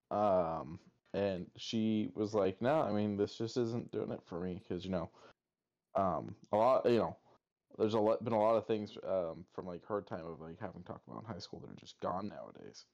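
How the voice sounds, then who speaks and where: A man's voice: sits low, normal speed, darkish tone, highs cut off. A man co-hosting a casual podcast, telling laid-back stories with some swearing. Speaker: podcast co-host. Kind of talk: casual chat.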